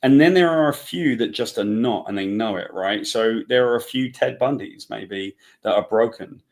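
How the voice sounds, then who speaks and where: A man's voice: fairly low pitch, moderate pace. A man, a comic book writer, talking casually in an interview, rambling and restarting his sentences as he tells stories. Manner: rambling, restarts often, acts out quoted dialogue.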